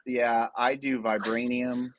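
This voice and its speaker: A man's voice: mid-range voice, level tone, slow pace, muffled recording, over a noisy crowd. A man hosting a trading talk show in casual chat, joking and often restarting his sentences. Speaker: show host.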